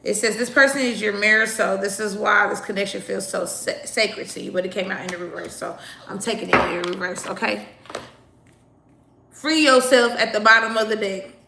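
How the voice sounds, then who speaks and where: A woman's voice: medium pitch, steady tone, moderate pace, gravelly, bright, forceful tone, roomy sound, slight background noise. A woman doing a casual tarot reading, talking bluntly and chattily straight to her viewers, sometimes swearing. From United States. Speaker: tarot reader.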